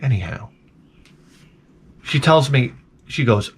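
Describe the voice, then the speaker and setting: A man's voice: medium pitch, animated, slow pace, breathy edge. A man telling a rambling, profane story in a casual comedic rant to his vlog audience. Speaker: vlogger.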